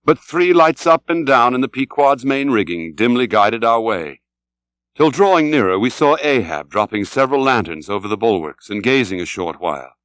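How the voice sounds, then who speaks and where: A man reading an audiobook as scripted narration, dramatic and expressive. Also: fairly low pitch, no room sound. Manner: dramatic, shouts out the sailors' cries.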